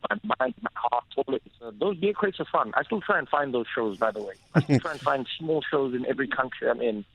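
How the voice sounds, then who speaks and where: A man with a South African accent, a comedian talking as a guest in a radio interview and telling animated stories. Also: mid-range voice, fast, creaky, husky, no room sound. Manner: lively storyteller, animated. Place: radio studio. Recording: dull, dry radio studio sound.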